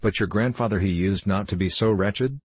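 A man's voice: fairly low pitch, moderate pace, breathy edge, no room sound. A man doing a timid, trembling wife. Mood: gentle. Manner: gentle, hesitant, faltering.

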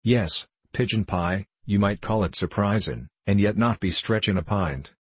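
A kindly old sea captain from a storybook, meek and fond, voiced by a man who drawls his words in a rustic way and drops his endings. The voice sits very low and slightly husky. It is dry and close. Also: unhurried, dry recording.

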